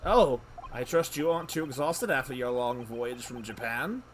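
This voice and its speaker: A man voicing an imposing, pompous elderly chief justice in a put-on generic British accent, reading a game's lines slowly and formally over faint game music. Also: medium pitch, background noise, voice pushed down, natural voice. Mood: stately. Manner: stately, slow, formal.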